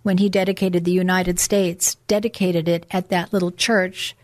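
A woman's voice: fairly low pitch, little pitch movement, normal speed, a little mellow. Earnest middle-aged woman preaching. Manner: earnest, preachy, reads documents aloud. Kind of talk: religious political talk show.

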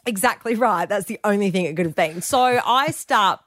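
Animated woman telling a story. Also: medium pitch, normal speed, no echo. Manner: animated, playful, self-mocking storyteller. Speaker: radio co-host. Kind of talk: casual radio banter, storytelling.

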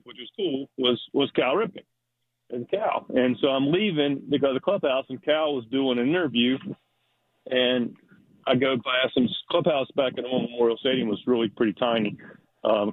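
A man's voice: mid-range voice, no room sound. A man calls in from afar and tells old baseball stories in a loose, rambling way, circling back and restarting his sentences. His voice sits mid-range and comes through a thin, phone-like line with no room sound. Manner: rambling, many fillers and restarts. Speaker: baseball manager guest. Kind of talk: casual storytelling by phone. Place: Florida.

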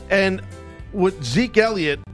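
A man's voice: sits high, takes it slowly, soft background music. A man hosting a sports radio show in casual chat, rambling with lots of fillers and restarts.

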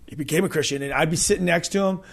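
A man's voice: fairly high pitch, rapid-fire, gravelly, slightly rough. A middle-aged man, hosting a casual faith chat, talking emphatically with surfer slang. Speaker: podcast host.

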